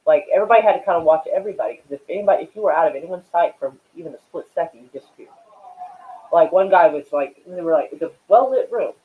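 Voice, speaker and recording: Casual male streamer, chatty and foul-mouthed, smoking on air; slightly high voice through a thin, phone-like recording. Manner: rambling and profane, many fillers; smoking while talking. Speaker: live-stream host. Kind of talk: casual live-stream chat with viewers.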